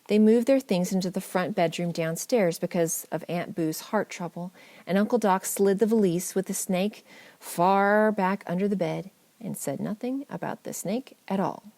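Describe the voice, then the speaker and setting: A woman narrating a family memoir audiobook in a measured, gently wry storytelling manner. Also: medium pitch, no room sound.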